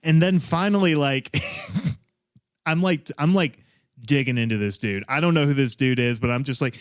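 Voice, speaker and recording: A man on a comedy podcast telling a long story in casual chat, animated and profane, laughing as he goes and acting out the people in it. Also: mid-range voice, moderate pace, smooth, no room sound, clean studio sound. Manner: animated, profane, laughs through his story, acts out voices in quotes.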